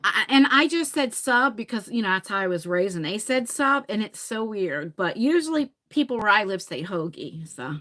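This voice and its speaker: Her medium-pitched voice is animated, bright and forceful, moving at normal speed with hardly any pauses. This New Jersey livestream host in her forties chats ramblingly with her viewers, now and then laughing or swearing.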